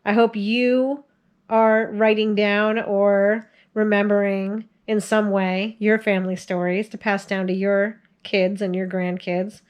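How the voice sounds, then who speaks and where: A woman's voice: medium pitch, level tone, slow pace, smooth. A woman in her forties casually telling family stories to the camera in a chatty way, laughing often as she goes. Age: 40s. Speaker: video host sharing family stories.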